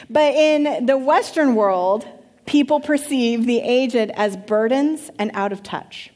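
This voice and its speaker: A woman pastor teaching a church congregation in an animated way, asking the room questions. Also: sits high, measured pace.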